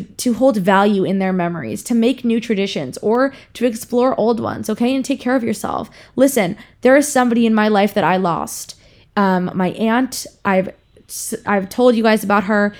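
A young woman hosting a casual monologue, frank and profane as she gives an earnest, heartfelt pep talk to her listeners. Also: mid-range voice. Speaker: podcast host, influencer.

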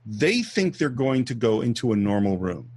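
A husky, medium-pitched man hosts a podcast at a moderate pace, casually taking his co-host through a movie scene by scene. He tells it like a lively storyteller, explaining both the scenes and how they were filmed in a relaxed film chat.

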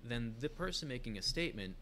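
A man's voice: medium pitch, lively intonation, fast, pushed and bright, slight background noise. A man co-hosting a casual podcast chat, giving opinions freely and reading a news article aloud. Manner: chatty, opinionated, many fillers and restarts. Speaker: podcast co-host.

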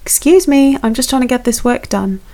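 A man voicing a sharp-tongued young woman superhero in a raised, snappy voice. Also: extremely high pitch, a little fast, pitched above the performer's own voice. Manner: snappy, curt.

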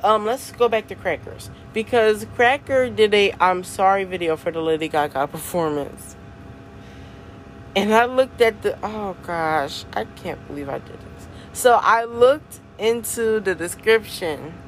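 A young woman hosting her own podcast, chatting casually in a slangy, animated way and laughing often. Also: medium pitch, a little slow, slight background noise. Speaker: podcast host. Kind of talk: casual solo podcast chat.

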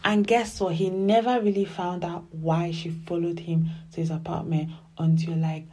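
A woman giving casual, animated commentary as she reviews a television drama. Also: lowish voice, moderate pace. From Nigeria. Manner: animated and emphatic, often acts out dialogue.

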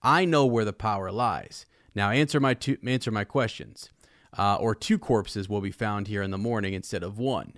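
A man voices a cold, scheming sorceress who gives orders and threatens calmly. The voice sits low and close, with a dry sound and almost no room around it, read out from a fantasy storybook. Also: normal speed, no echo.

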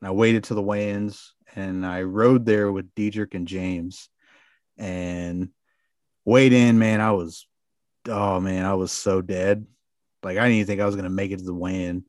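A man with a fairly low voice tells a long story in casual talk, stringing it together with fillers and loose cursing. The sound is dry and close, with no room around it. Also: steady tone, normal speed, darkish tone, no room sound. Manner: rambling, filler-heavy with frequent swearing. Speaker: podcast guest.

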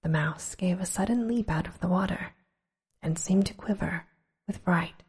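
A woman reading a storybook aloud in a slow, hushed, gentle whisper. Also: on the low side, fairly even intonation, gravelly, husky.

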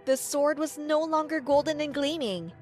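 A woman's voice: high voice, normal speed, a little mellow, soft background music. A woman narrating a dramatic first-person story, voicing the quotes lightly.

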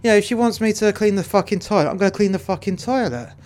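A man's voice: sits high, quick pace, a little mellow. A man in casual game role-play chat, crude and heavily profane, rambling through stories as he goes. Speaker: player in prison role-play.

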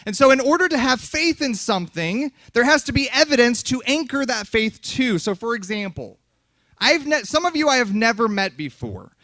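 A man preaching a fiery sermon at a youth conference, yelling hard and then dropping to soft, close asides. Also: extremely high pitch, sing-song, moderate pace, no room sound.

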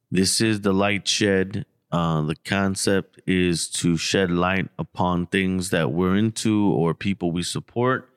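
Profane, animated male podcast co-host. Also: clear, resonant tone, no echo, studio quality. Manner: animated, profane, gets loud and high when acting out the story. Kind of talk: casual storytelling chat.

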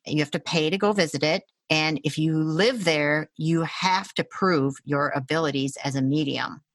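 A woman with a somewhat low voice tells a story in a relaxed, chatty way, full of fillers and laughter. She speaks as a Reiki practitioner, and the sound is close and dry with little room echo. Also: normal speed. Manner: animated, acts out quoted voices, laughs often, many fillers. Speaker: Reiki practitioner and intuitive healer. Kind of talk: casual storytelling in a conversation.

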